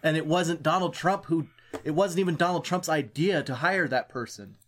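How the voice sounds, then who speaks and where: A man's voice: on the high side, moderate pace, a little hiss or hum. A man co-hosting a podcast in casual chat, arguing his point in rambling, restarted sentences. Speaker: podcast co-host.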